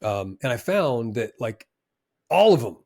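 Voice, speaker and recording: Animated man telling trading stories. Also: medium pitch, unhurried. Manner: animated, emphatic storyteller with many fillers. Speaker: former trader giving advice. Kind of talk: casual motivational talk.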